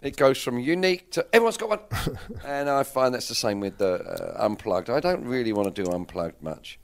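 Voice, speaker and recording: An English-accented man in his sixties chats through an interview. His voice sits at an ordinary middle pitch, and he rambles frankly, often breaking off to rephrase himself. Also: animated, moderate pace, gravelly. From England. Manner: rambling, self-correcting, candid. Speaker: interviewed musician. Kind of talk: casual interview chat.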